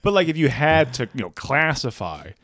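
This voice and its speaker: A man's voice: mid-range voice, big pitch swings, moderate pace, fairly bright tone, no echo. A man co-hosting a comedy podcast, rambling and self-mocking in casual banter on a close mic.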